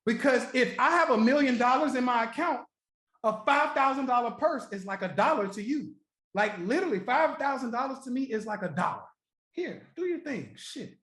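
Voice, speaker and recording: A man hosting a trading livestream, chatting casually and profanely with viewers, joking, laughing often and repeating his points slowly. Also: very high-pitched, expressive, a bit bright. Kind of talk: casual live-stream chat with viewers. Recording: roomy echo.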